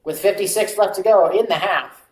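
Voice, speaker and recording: A watchalong streamer calling the game play by play, stretching out calls and drifting into casual asides, on a mic that peaks on loud moments. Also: medium pitch, normal speed, roomy sound, low-quality recording. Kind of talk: amateur play-by-play commentary.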